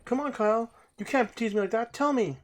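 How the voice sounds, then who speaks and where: A man voicing a feisty, sharp-tongued young woman in a game let's play. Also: very high-pitched, brisk, voice pushed up.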